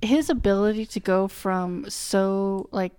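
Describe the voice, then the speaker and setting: A woman co-hosting a casual chat about a TV show, talking in a blunt, animated way and laughing easily. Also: mid-range voice, slow pace, clean tone.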